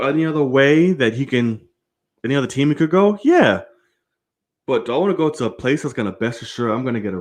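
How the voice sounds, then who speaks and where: A mid-range male voice drives this live-streamed sports rant. The host is animated and profane, pushing heated opinions and talking directly to his viewers.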